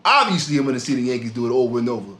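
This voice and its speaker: A man's voice: mid-range voice, very animated, very fast, fairly bright tone, echoey room. A man co-hosting a sports podcast, ranting heatedly in casual talk and often repeating his words. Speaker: podcast co-host.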